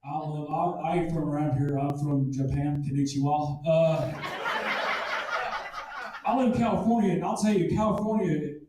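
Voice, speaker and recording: Male stand-up, high voice, crude, self-mocking, booming club room from afar. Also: moderate pace. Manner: crude, self-deprecating, loud punchlines. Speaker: stand-up comedian. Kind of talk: stand-up comedy set. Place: comedy club stage. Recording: echoey room, distant mic, noisy.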